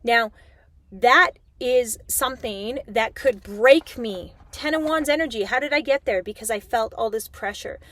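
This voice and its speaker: Animated chatty woman reading tarot. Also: on the high side, unhurried. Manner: animated, chatty, swears casually. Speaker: tarot reader. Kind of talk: spiritual talk to viewers.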